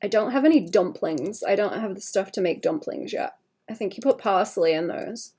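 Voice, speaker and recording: Her voice is medium-pitched, dark-toned and slightly rough, animated and moderately paced. This livestreaming illustrator chats casually to her stream while drawing, rambling to chat in between and giving a slight cough.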